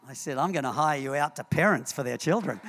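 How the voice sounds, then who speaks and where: A man preaching a sermon in a church, telling stories in an animated way and repeating words as he acts scenes out. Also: fairly high pitch, fast talker, slight background noise. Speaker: pastor. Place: church hall. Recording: long hall reverb.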